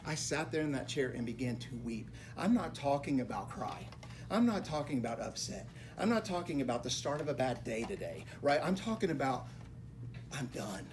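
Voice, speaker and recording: In a real estate office meeting room, a mortgage lender gives realtors a motivational talk, dramatically telling a personal story at normal speed. Very animated, he swings between hushed, low tones and loud outbursts, with background noise present.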